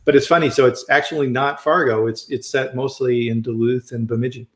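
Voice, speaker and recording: A man's voice: mid-range voice, fairly even intonation, a little fast. A man hosting a casual live-stream chat, upbeat and chatty, greeting viewers and his guest. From American Midwest. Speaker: livestream host. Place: home studio, Colorado. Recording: roomy echoey home room.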